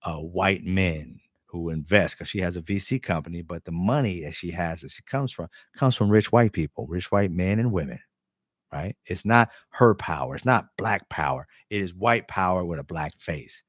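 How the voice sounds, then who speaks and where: A man's voice: low voice, normal speed, no echo, clean studio sound. A man hosting his own show, delivering a fiery, profane monologue. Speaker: host. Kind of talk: impassioned monologue.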